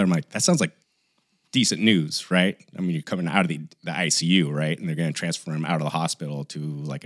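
A man's voice: sits low, no room sound, clean studio sound. A man co-hosting a podcast, telling a long story in casual chat and acting out the voices of the people in it. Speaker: podcast co-host.

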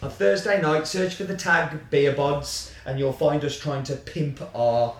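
A man's voice: on the high side, steady tone, unhurried, distant mic. A man co-hosting a casual podcast, chatty and jokey, teasing his co-host. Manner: jokey, teasing, reads labels aloud. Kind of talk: casual chat. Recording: roomy sound, a bit off-mic.

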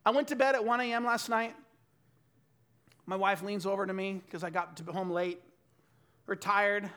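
A man in his thirties preaching a sermon, telling stories and swinging from loud bursts to quiet asides. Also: high-pitched, fairly even intonation, normal speed, clear, resonant tone. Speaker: pastor.

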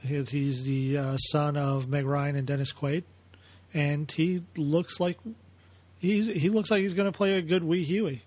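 A man co-hosting a casual comics podcast, given to crude deadpan jokes. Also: fairly high pitch, measured pace. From United States. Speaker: podcast co-host. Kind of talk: casual chat about comics.

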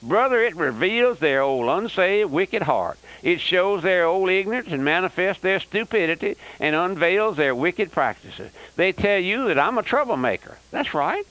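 Fiery old radio preacher. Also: male voice, high-pitched, very animated, moderate pace, few pauses, a bit bright, rough recording. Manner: fiery, emphatic, repeats "that's right". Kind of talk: radio sermon.

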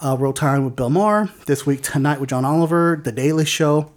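A man's voice: a little high, fairly quick. A man co-hosting a casual podcast, reading news items aloud with lots of fillers and stumbles. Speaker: podcast co-host.

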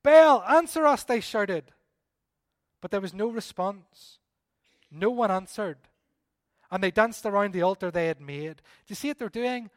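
Male pastor, high voice, animated emphatic sermon delivery, dry close sound. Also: moderate pace, no room sound. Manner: animated, emphatic, with repeated appeals. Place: church service.

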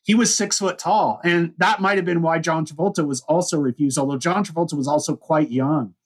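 A man with a slightly high voice talks fairly quickly as he hosts a podcast. In casual chat he rambles through a historical overview, with many restarts and "you know" fillers.

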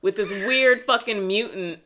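A woman co-hosting a casual film chat, relaxed and laughing often. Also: medium pitch, measured pace. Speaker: podcast co-host.

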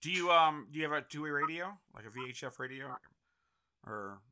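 A man's voice: a little high, animated, a little fast, sharp tone. A man hosting a casual interview, talking in an enthusiastic, encouraging and rambling way. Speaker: host.

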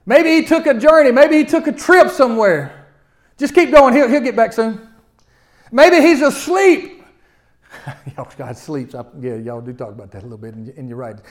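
A man preaching a sermon, telling the story with lively swings between loud outbursts and quiet asides. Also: very high voice, normal speed.

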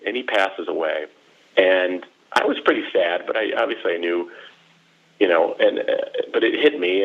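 Casting: low-voiced man, animated storyteller, dull lo-fi sound. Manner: animated, acts out quoted voices with big pitch jumps. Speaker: storyteller guest. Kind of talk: casual personal storytelling. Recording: dull lo-fi recording.

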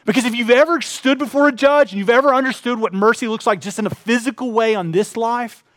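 A man preaching a sermon, telling a personal story earnestly, dropping to hushed tones and then building in intensity. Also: very high-pitched, fast, hardly any pauses, no room sound, studio quality. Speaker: pastor.

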